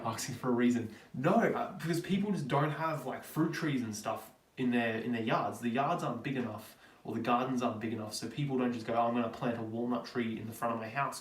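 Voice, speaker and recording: A man's voice: mid-range voice, recorded from a distance, slight background noise. A young Australian man hosting a live Q&A stream, chatting casually as he answers viewer questions. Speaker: livestream host. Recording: roomy, from off the mic.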